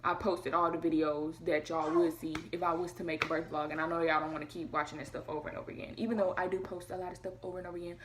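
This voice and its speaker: A young woman tells a personal story straight to camera in a casual vlog. Her voice sits a little low, and she talks quickly, acting out the lines of the people in her story. A faint hum of room ambience runs under her voice. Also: level tone. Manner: fast, emotional retelling, acting out quotes. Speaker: vlogger.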